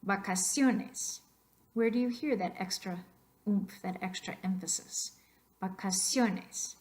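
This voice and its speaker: A woman's voice: mid-range voice, normal speed, darkish tone. A woman teaching a narrated slideshow lesson, explaining patiently and saying example words aloud to model their stress. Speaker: Spanish teacher.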